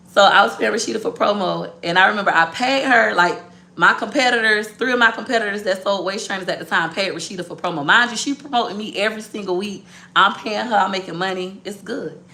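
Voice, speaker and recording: A woman business owner telling a story to her viewers in a blunt, profane, animated way. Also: mid-range voice, fairly quick, vocal fry.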